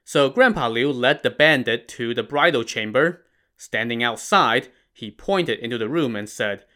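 A man's voice: medium pitch, expressive, unhurried, sharp tone. A man narrating a classic tale in a casual, wry style with modern slang. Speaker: storyteller.

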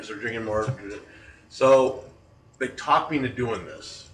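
A man in his forties hosts a talk show and tells stories in a loose, rambling way. His voice is bright and sharp, and it is heard from some distance in an echoey room. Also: medium pitch, normal speed. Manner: loose, rambling storytelling with chuckles. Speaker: podcast host. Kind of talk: casual storytelling chat. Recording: echoey room, far from mic.

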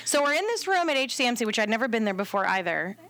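A woman, a doula and podcast guest, telling a story in a casual, animated way and acting out the quotes with laughs. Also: fairly high pitch, fast.

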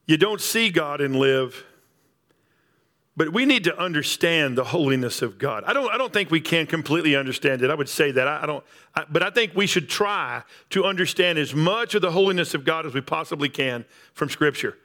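Bright-voiced preacher, emphatic. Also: male voice, a little high, lively intonation, fairly quick. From Texas Panhandle. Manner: emphatic preaching with repetition, rising on key phrases. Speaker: pastor. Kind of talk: sermon.

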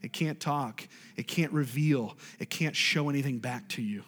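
A man preaching a sermon as a pastor, animated, with sudden loud, high bursts. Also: moderate pace, big-room sound. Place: church sanctuary.

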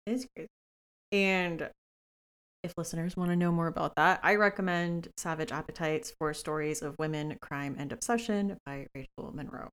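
A woman with a low, gravelly voice hosts a podcast from her home work space. She talks into a professional mic in a relaxed, chatty way, eager to recommend books. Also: normal speed. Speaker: podcast host. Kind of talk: casual podcast chat. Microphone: professional studio microphone.

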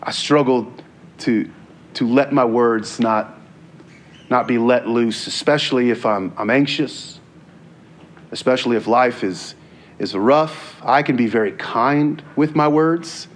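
A man's voice: mid-range voice, slow. A man preaching a sermon in an earnest, conversational way, sometimes repeating words as he goes.

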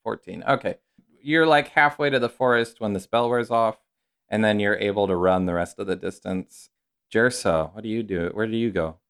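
Smooth-voiced male game master. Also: on the low side, moderate pace, fairly bright tone. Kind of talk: narrating a tabletop game.

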